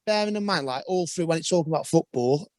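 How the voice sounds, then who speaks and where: Talkative man, higher voice. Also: lively intonation, quick pace, darkish tone, no room sound. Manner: rambling storytelling with frequent restarts. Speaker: podcast guest, former footballer. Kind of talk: casual podcast conversation.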